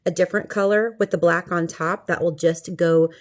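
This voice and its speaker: A woman's voice: on the low side, fairly even intonation, moderate pace. A middle-aged woman talking viewers through a makeup tutorial in a chatty, playful way. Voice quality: chatty, playful, talks to viewers as she works. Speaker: makeup vlogger.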